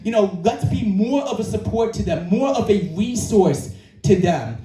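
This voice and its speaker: A man's voice: high-pitched, lively intonation, unhurried, mellow. A man giving a personal motivational talk at a live event, earnest and emphatic, often repeating his key phrases. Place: indoor creative venue, live audience. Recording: echoey room from far off, faint music.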